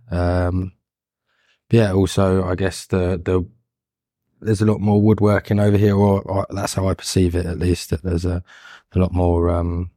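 A man's voice: sits low, dark tone, no room sound, studio quality. A man, a carpenter answering interview questions in a hesitant, casual way with many ums and restarts. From England. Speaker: guest, carpenter and furniture maker.

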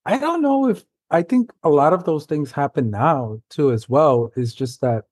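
A man from New York City, a guest author, telling stories in a halting, loose, casual way. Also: fairly high pitch, lively intonation, a little mellow, no echo. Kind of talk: casual conversation.

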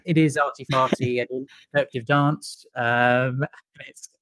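A man chats as a podcast guest, rambling with frequent restarts and self-deprecating humour. His voice has a middle pitch for a man. The recording is dry and close, with no room sound. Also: little pitch movement, a little slow, a bit bright, no echo. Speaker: podcast guest, musical comedian. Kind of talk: casual chat.

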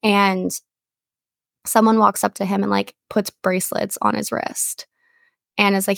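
Gravelly-voiced young woman telling a story. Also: medium pitch, monotone, fairly quick, no room sound, clean studio sound. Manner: chatty storytelling, many fillers. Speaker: podcast co-host. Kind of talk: casual chat.

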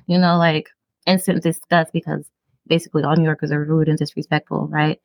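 A low, gravelly-voiced woman from Brooklyn talks candidly about her own experiences. She co-hosts a casual podcast, and her delivery is loose and full of fillers. The recording is dry and close. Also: level tone, fairly quick, dry recording, rough recording. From Brooklyn, New York. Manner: candid, storytelling with frequent fillers. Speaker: podcast co-host. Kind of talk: casual conversation on mental health.

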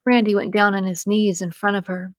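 A woman narrating a novel in a steady, even storytelling voice at a middle pitch. She sits close to the mic, and the sound is dry, with no room around it. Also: brisk, no echo. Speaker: audiobook narrator. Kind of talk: scripted narration.

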